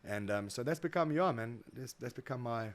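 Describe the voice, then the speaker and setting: Fast-talking South African man, animated. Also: mid-range voice. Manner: animated, acts out quoted voices, repeats words. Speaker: guest, motivational speaker. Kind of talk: casual interview storytelling.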